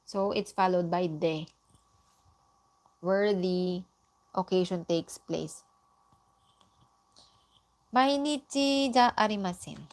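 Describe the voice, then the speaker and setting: Speaking on the low side with a slightly mellow tone, a Filipino-accented woman teaches Japanese in a live online session, going slowly, repeating example phrases and sometimes switching to Tagalog.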